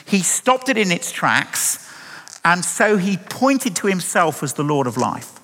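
A man preaches with a high, bright voice that rises and falls dramatically. He leans into emphatic rhetorical questions. Long reverb from the hall trails behind every phrase. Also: big pitch swings, a little slow. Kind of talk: sermon.

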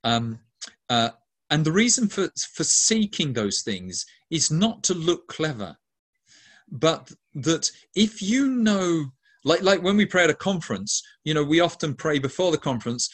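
A man's voice: a little high, expressive, moderate pace, a bit bright. Male Catholic minister, interview answers, earnest and emphatic, stacks up lists of descriptive words.

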